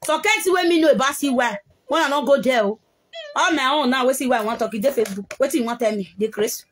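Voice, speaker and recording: Nigerian woman, high voice, heated live-video rant. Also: quick pace, slight background noise. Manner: heated, scolding, mixing pidgin and local language.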